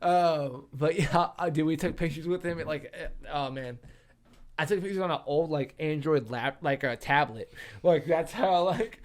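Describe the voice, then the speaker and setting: A man's voice: on the high side, moderate pace. A young man hosting a casual podcast, telling profane, laughing stories and acting out his friends' voices. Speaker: podcast host.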